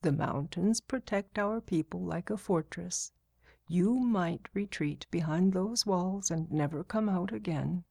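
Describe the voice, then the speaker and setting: A calm old elder, as a woman reader puts him on speaks slowly and softly in a low, even voice. The sound is dry and close. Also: vocal fry, slightly rough, no echo, exaggerated voice. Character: calm, wise old male tribal speaker.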